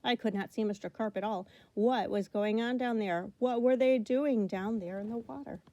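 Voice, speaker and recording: A woman reading a children's picture book aloud, expressive and slowing for emphasis. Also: on the high side, dull audio. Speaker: storybook reader.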